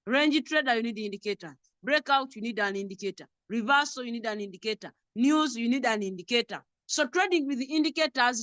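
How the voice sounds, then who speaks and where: A woman's voice: sits high, fairly bright tone, dry recording. A woman with a Ugandan accent teaching an online trading class over a video call, repeating points and drilling lists. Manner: repetitive, drilling lists, chuckles often.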